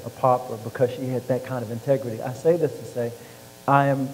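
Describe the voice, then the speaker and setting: A man telling stories from his life in an interview, lively and acting out the voices of people he quotes. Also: medium pitch, fairly quick. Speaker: author and former football player. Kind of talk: storytelling interview. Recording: reverberant hall with faint hum.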